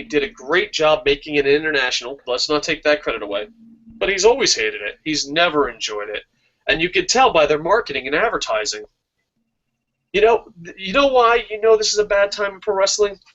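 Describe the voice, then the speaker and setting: Brief: male wrestling-stream host, excitable and profane, bright, forward tone, dull lo-fi sound. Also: fairly high pitch. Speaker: wrestling talk show host. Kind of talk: casual live-stream chat.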